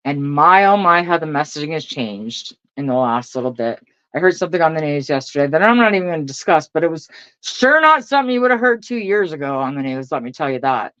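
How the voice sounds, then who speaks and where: A woman's voice: deep voice, very animated, brisk, fairly bright tone, no echo, lo-fi sound. A middle-aged woman, ranting casually and profanely to her viewers, laughing often between lines. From Canada. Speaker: vlogger.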